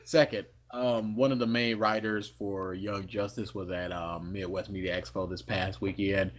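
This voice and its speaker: A man's voice: deep voice, fairly even intonation, moderate pace. A man co-hosting a casual podcast chat, blunt and matter-of-fact. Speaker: podcast co-host.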